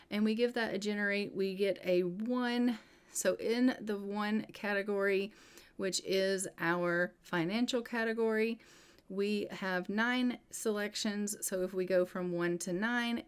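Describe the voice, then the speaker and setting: A woman hosting her own life-sim game series and narrating as she plays. She is chatty and loose, with frequent fillers and restarts. Her voice sits at a typical middle pitch. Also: smooth. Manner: chatty, many fillers like "you know" and "um". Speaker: gameplay host. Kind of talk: casual gameplay narration.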